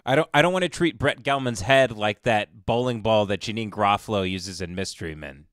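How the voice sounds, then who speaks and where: A man's voice: lowish voice, brisk, fairly bright tone, no room sound, clean studio sound. A man hosting a live stream, mocking the people in a clip with sarcastic commentary. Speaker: stream host.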